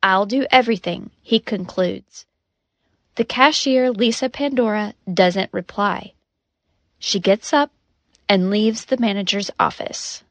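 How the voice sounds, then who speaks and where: Slow, deliberate woman narrating a lesson. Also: medium pitch, dry recording. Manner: careful, deliberate reading. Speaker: narrator and language teacher. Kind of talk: slow, clear narration for learners.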